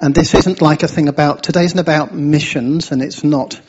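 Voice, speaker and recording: A man's voice: a little high, steady tone, moderate pace, a little mellow, breathy edge, highs cut off. A man speaking to a church congregation in a chatty, informal, encouraging way, leading prayer and a sermon.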